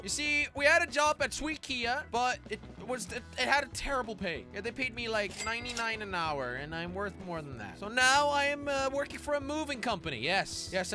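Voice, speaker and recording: A young man with a high, bright voice that leaps all over the place, commenting on a game with excited jokes and sudden shouts. Game music plays faintly behind him. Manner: excitable, jokey, frequent laughs and shouts. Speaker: gaming channel host.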